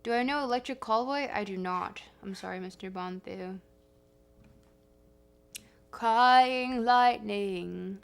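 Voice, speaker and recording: A woman's voice: medium pitch, brisk, gravelly, hardly any pauses, fairly bright tone. A woman livestreaming, casually chatting with her viewers in a chatty, self-deprecating way. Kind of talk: casual stream chat.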